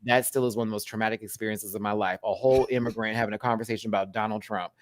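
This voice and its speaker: A man's voice: on the low side, steady tone, racing, no room sound. A man hosting a live show recap, chatting casually with lots of laughs and gossipy asides. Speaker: host.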